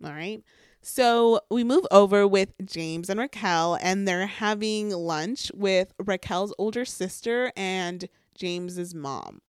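A woman's voice: mid-range voice, takes it slowly, clear, resonant tone, no room sound. Young woman dishing reality tv gossip, lots of likes, dead dry room. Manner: chatty gossipy storytelling, many "like" fillers. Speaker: podcast co-host. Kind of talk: casual chat recapping reality TV.

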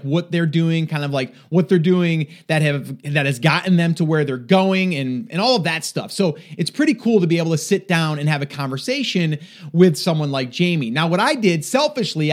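A man hosting a podcast, introducing an episode in an energetic, rambling way, a little out of breath. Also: fairly high pitch. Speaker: podcast host.

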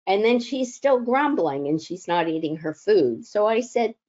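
Woman chaplain, reflective storyteller, unhurried delivery, warm dark tone. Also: mid-range voice, sing-song, muffled recording. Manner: slow, gentle, reflective with filler pauses. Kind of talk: personal storytelling talk.

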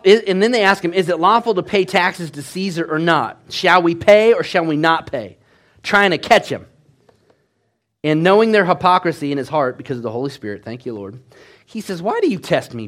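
Animated man preaching a sermon. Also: a little high. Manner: animated storytelling, swings between hushed and loud. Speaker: pastor.

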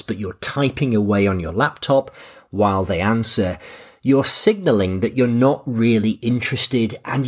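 A man hosting a podcast. He speaks in a relaxed, anecdotal and self-deprecating way. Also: medium pitch, breathy edge. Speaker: podcast host. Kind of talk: scripted podcast narration.

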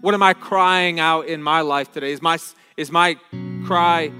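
A man preaching a sermon in an earnest, unhurried way, often stumbling over a phrase and starting again. His voice sits a little high for a man. It rings out with a long echo, and faint guitar plays underneath. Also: fairly even intonation. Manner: earnest, halting restarts, slows down on key words. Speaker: pastor.

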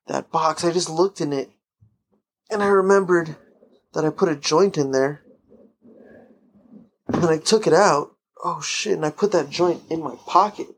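Male solo podcast host, gravelly and loose, cursing his way through rambling stoner chat into a close, dry mic. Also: on the high side, dry recording. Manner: rambling, profane, laid-back stoner talk.

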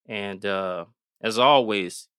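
A man's voice: on the low side, slow, fairly bright tone, smooth, dry recording, clean studio sound. A man hosting his own podcast, giving an earnest, emphatic motivational talk in plain everyday words. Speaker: podcast host. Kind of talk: motivational monologue.

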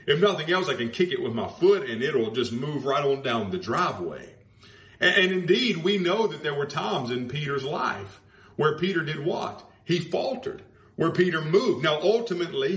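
A man's voice: medium pitch, a bit bright. Emphatic preacher man, roomy sound. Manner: emphatic, repeats key phrases slowly. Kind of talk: sermon. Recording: roomy echo.

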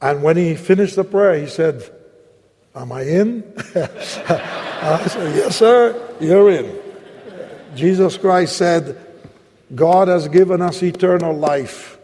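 Latin American preacher in echoing hall. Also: male voice, fairly high pitch, mellow, a little hiss or hum. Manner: storytelling, acts out both sides of dialogue, slows for prayer. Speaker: evangelist preacher. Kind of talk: sermon with personal story and altar-call prayer. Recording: long hall reverb.

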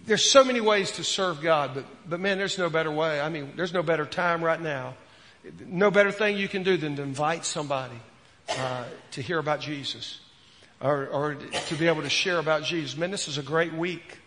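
A man preaching a sermon as a pastor, earnest, repeating words and dropping from loud to hushed. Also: a little high, moderate pace, long reverb tail.

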